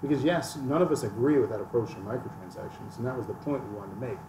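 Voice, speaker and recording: A man on a gaming podcast rants about gaming with self-mocking jokes. His voice sits at a middle pitch. He is picked up from a distance in a roomy space with a little hiss behind. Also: fast. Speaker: podcast host. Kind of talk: casual chat. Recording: echoey room, distant mic, faint noise.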